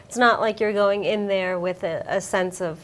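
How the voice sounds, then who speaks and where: A woman's voice: medium pitch, steady tone, normal speed. A woman hosting an internet radio interview, chatty and supportive as she asks questions. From United States. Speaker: host.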